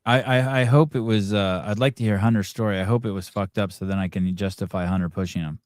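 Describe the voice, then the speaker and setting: A man's voice: on the low side, steady tone, fast talker, a little mellow, no room sound. A man hosting a podcast, chatting casually and joking as he reacts to a sports broadcast. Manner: joking, profane, wondering aloud. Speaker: podcast host. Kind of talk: casual chat watching a broadcast.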